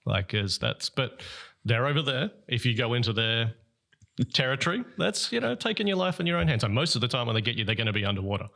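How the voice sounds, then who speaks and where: An Australian man joins a podcast as a guest, talking in a loose, casual way. He tells animated stories and acts out quoted lines, and his voice sits in a middle pitch. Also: fast, vocal fry. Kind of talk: casual chat.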